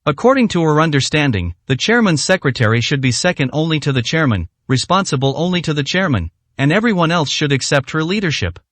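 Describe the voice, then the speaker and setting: A man's voice: a little high, very animated, fast talker, few pauses, fairly bright tone, no echo. Male storybook narrator, plain reading, dry close sound.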